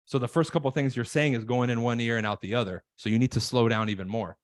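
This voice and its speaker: A man coaching on sales calls in casual podcast chat, emphatic, acting out nervous callers in quick voices. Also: mid-range voice, fairly even intonation, no echo. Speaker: real estate coach.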